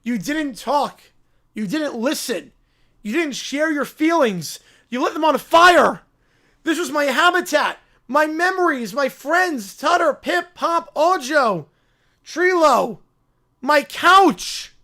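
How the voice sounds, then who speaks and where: A man's voice: extremely high pitch, lively intonation, slow pace, pushed and bright, heavily acted. A man voicing a big, cheerful orange male bear who sounds hurt and pleading. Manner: wounded, pleading.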